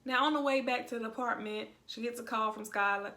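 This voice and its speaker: A woman's voice: fairly high pitch, brisk, sharp tone. A young adult woman hosting a casual video review, talking in a chatty, sassy, colloquial way. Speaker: reality TV recap host.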